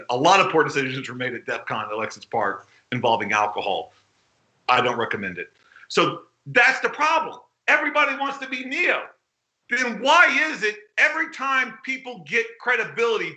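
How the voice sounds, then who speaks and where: A man delivers a fired-up keynote in a conference hall, blunt and exclamatory, slipping into acted-out quotes. His voice sits high and sounds very bright and sharp. The hall gives it a roomy echo. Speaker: keynote speaker at a hacking conference.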